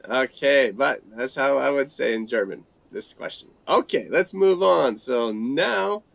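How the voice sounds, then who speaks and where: A man hosting a casual live language-learning chat, reading out viewer comments and trying out phrases haltingly in several languages. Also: mid-range voice, expressive, creaky, fairly bright tone.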